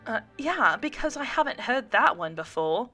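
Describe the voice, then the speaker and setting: A woman's voice: mid-range voice, brisk, bright, forceful tone, faint music behind. A woman voicing a young pregnant woman who talks with a dry, sarcastic edge. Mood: wry. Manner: teasing, sarcastic delivery.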